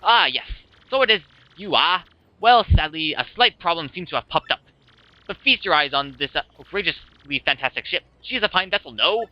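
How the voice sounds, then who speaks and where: A man's voice: a little high, lively intonation, moderate pace, a little hiss or hum, pitched above the performer's own voice, natural voice. A man voicing a vain, flamboyant male merchant captain in a pompous, theatrical manner. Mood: boastful. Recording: dull lo-fi with music.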